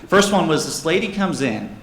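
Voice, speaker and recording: A man's voice: a little high, sing-song, normal speed, vocal fry, fairly bright tone. A young man, a jeweler, casually telling funny customer stories to a convention audience and acting out the people in them. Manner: jokey, acts out customers and his dad in raised voices. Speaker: jeweler giving a convention panel talk. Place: convention panel room. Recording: roomy hall with faint background noise.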